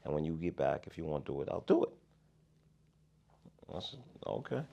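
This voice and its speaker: A man co-hosting a podcast, an animated storyteller who swings between mutters and loud outbursts in casual chat. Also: extremely low pitch, fast talker, vocal fry, lo-fi sound. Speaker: podcast co-host.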